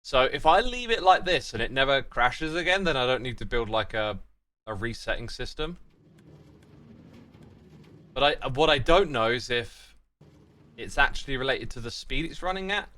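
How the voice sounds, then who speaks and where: A man's voice: medium pitch, expressive, moderate pace, long pauses, sharp tone. A British man streaming a game, thinking aloud and chatting with his viewers in a casual way. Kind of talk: casual livestream commentary.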